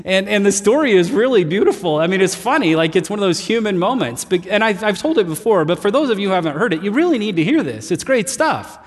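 A man preaching with a fairly high voice, telling his stories in a relaxed, chatty way and often poking fun at himself. His voice rings out with a long reverb tail, like a large hall. He sounds like a pastor talking to his congregation. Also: quick pace, hardly any pauses. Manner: conversational storytelling, animated and self-deprecating. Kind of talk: sermon.

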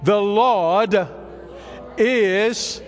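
A man preaching a sermon, calling on the congregation to repeat after him and drawing out his emphatic phrases. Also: high-pitched. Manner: call-and-response preaching, drawn-out emphatic phrases. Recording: music under voice, long hall reverb.

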